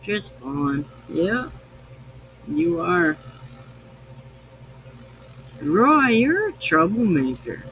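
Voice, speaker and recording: A man's voice: high-pitched, sing-song, extremely slow, pauses often, a bit bright, slight background noise, low-quality recording. A tipsy man hosting a live podcast, rambling, swearing freely and affectionate. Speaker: podcast host. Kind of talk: casual live-stream chat.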